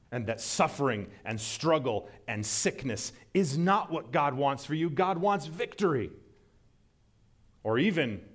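A man preaching a sermon as pastor, earnest, with his voice climbing for emphasis. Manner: earnest, rises in pitch for emphasis and acted quotes.

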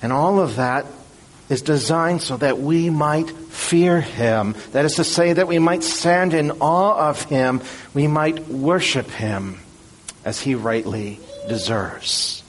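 A man preaching a sermon in an earnest, measured and emphatic way. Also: on the high side.

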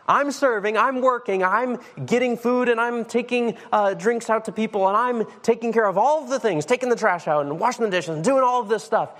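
A man's voice: extremely high pitch, brisk, hardly any pauses, fairly bright tone, voice pushed up. A preacher voicing a frazzled woman complaining about all her chores. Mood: exasperated. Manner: exasperated listing of chores.

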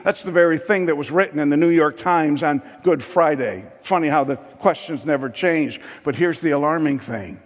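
A man preaching a sermon with passion, building to loud emphatic peaks. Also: on the high side, moderate pace, few pauses, big-room sound.

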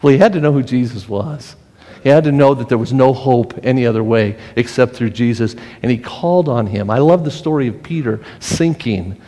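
A male pastor delivering an earnest sermon, with frequent restarts and swings in pace and pitch. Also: fairly quick, dark tone. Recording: long hall reverb.

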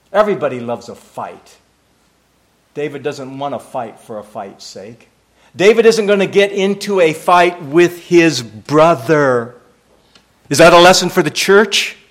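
A man's voice: a little high, a bit bright. A man delivering a sermon as pastor, emphatic and repetitive, asking rhetorical questions.

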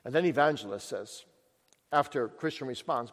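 A male preacher giving a sermon with emphatic questions and dramatic pauses. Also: mid-range voice, big pitch swings. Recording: long echo of a large hall.

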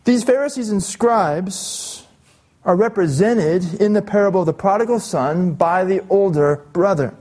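A male pastor preaching an expository sermon, reading scripture aloud and slowing down to stress key phrases. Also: high-pitched, darkish tone.

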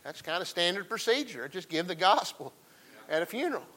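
A man's voice: sits high, sing-song, fairly quick, bright, forceful tone, rough recording. A man preaching a folksy sermon, calling out to the congregation. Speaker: pastor.

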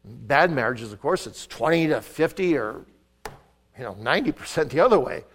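An older man preaching a sermon in a church, pressing some words hard and dropping others to a hush. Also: mid-range voice, lively intonation, moderate pace. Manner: emphatic, swings between loud stresses and soft asides. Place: church sanctuary.

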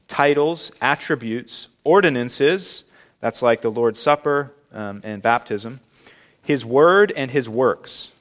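A man delivers a sermon in an earnest, emphatic preaching voice at a middle pitch. He leans into key words and slows right down on them. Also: animated, fairly bright tone. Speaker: pastor.

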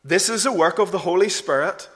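A man preaching a sermon earnestly, rising to emphatic peaks and then dropping low and soft. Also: brisk. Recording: long hall reverb.

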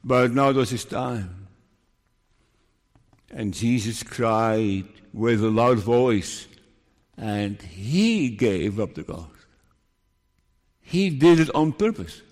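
A man preaching a sermon, moving from hushed, solemn passages to emphatic rises. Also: mid-range voice. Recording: long hall reverb.

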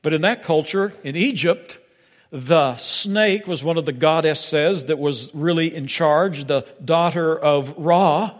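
A man preaching a sermon, reading scripture dramatically and breaking into lively asides. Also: fairly high pitch, takes it slowly, big-room sound.

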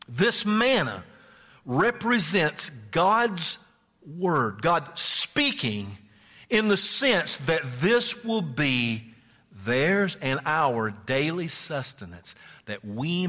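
A male pastor preaching a sermon, moving from loud, climbing declarations to hushed near-whispers and folksy stories. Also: a little high, big-room sound.

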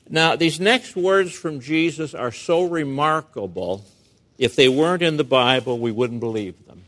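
Male pastor, fairly high voice, slow deliberate sermon delivery with dramatic emphasis. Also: a bit bright. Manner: emphatic and rhetorical, dramatic verse reading. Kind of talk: expository sermon.

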